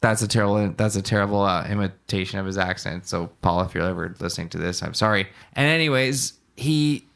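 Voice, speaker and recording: Speaking fairly quickly with hardly any pauses, a young male podcast co-host wanders through anecdotes full of fillers and restarts. His lowish voice is creaky and a bit bright.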